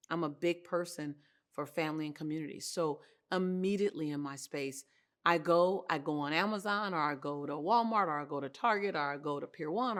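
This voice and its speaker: Expressive woman motivational speaker. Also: lowish voice. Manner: expressive, animated, laughs often. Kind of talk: motivational talk to camera. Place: indoor set.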